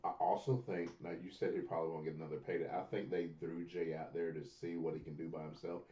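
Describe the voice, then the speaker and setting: A man co-hosting a casual podcast, chiming in with brief, low-key remarks. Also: little pitch movement, quick pace, warm tone. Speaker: podcast co-host. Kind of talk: casual wrestling chat. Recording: distant mic, echoey dull sound.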